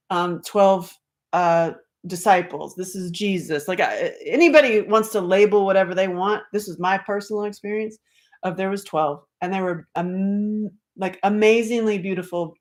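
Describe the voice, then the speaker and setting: Woman, comedian, animated storytelling, loud outbursts, hushed asides, swearing, laughing. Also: medium pitch. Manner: laughs often while telling a story.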